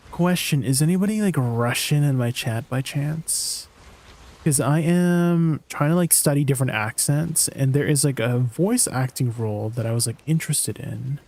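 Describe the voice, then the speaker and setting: A man's voice: on the high side, unhurried, a little mellow. A man livestreaming a game, chatting casually in a rambling way with lots of fillers and laughing at himself. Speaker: streamer.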